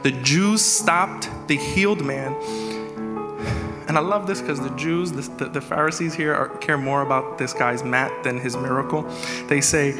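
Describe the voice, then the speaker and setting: A man's voice: mid-range voice, normal speed. A man preaching a sermon as executive pastor, acting out prayers in a raised voice. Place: church sanctuary. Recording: reverberant church hall with music.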